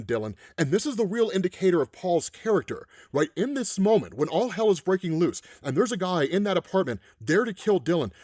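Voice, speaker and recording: A man hosting a casual comic-book recap, animated and ranting, who keeps checking in with "right?". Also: high voice, dry recording, clean studio sound.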